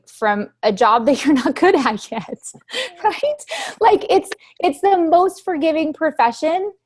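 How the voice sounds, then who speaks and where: A woman, coaching her team on a group call. She speaks emphatically, repeats her key lines and keeps asking the listeners questions, with a voice of ordinary pitch for a woman. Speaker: team leader giving a training recap. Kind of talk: motivational talk on a group call.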